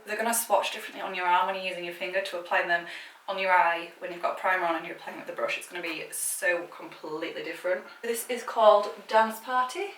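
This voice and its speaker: A British woman with a mid-range, somewhat bright voice chats through a makeup swatching vlog. She's gushing and casual, scattering filler words, and the recording has echo from a room and a distant microphone.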